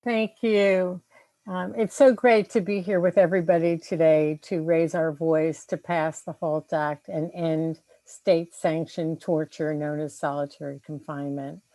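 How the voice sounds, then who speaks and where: A woman with a lower voice delivers a prepared advocacy statement, steady and measured. The sound is close and dry. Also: no room sound. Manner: measured, statistic-heavy advocacy. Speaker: civil liberties group director. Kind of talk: prepared press conference speech.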